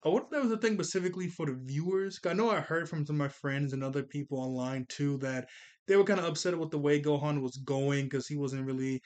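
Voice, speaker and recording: Male host with a slightly high voice doing loose, excitable film commentary, quick to laugh. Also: smooth. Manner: excitable, laughs often, stumbles over words. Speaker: channel host reacting to an anime film.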